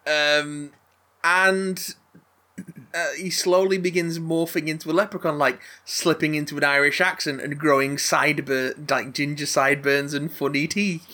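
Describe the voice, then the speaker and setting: Bright-voiced giggly man. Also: a little high, steady tone. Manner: rambling, giggly, halting restarts. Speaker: podcast co-host recapping a film. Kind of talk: casual chat.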